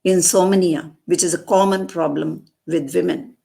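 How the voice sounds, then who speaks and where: A woman reciting a poem and explaining it, repeating lines slowly for emphasis. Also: on the low side, steady tone, vocal fry, dark tone. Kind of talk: poetry recitation with commentary.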